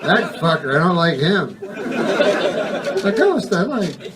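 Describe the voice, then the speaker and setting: A man doing a stand-up set in a deadpan, rambling drawl, sprinkling swearing through long winding setups. His voice sits a bit high. The mic is some way off, and the live recording is noisy. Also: takes it slowly, distant mic, over a noisy crowd. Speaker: stand-up comedian. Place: comedy club stage with a laughing audience.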